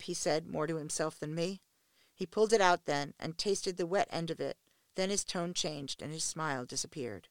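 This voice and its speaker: A woman narrating a first-person erotic story in an intimate, steady reading voice. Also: sits low, moderate pace, vocal fry, dry recording. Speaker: audiobook narrator.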